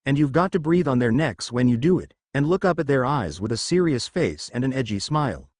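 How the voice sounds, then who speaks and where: A man's voice: medium pitch, animated, a little fast, dry recording, studio quality, lightly acted. A man reading the lines of a flustered older woman who leads a village, giving coaxing, instructive advice in a fan fiction story.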